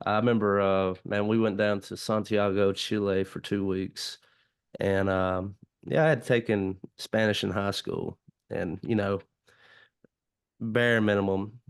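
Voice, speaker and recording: A man's voice: lowish voice, level tone, unhurried, clean tone. A man with a Southern US accent hosting a casual chat, talking in a laid-back way and calling people dude and man. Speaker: podcast host.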